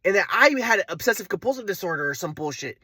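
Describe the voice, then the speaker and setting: A man's voice: high-pitched, lively intonation, fast, pushed and bright, slightly rough, no echo. A man telling a personal story in a rambling, agitated, profane monologue. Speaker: vlogger.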